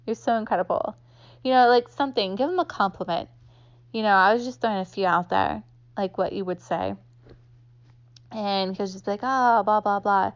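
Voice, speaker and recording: A woman's voice: mid-range voice, fairly even intonation, moderate pace, pauses often. Chatty woman teaching, dull lo-fi sound. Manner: chatty, heavy use of "like" fillers. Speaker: online instructor. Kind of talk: casual instructional talk. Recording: slightly dull lo-fi audio.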